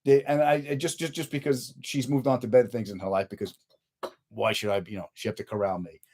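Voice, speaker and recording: A middle-aged comedian hosts his own podcast as a casual live stream, talking fast in a medium-pitched voice. He jokes with viewers and tells stories in an animated way.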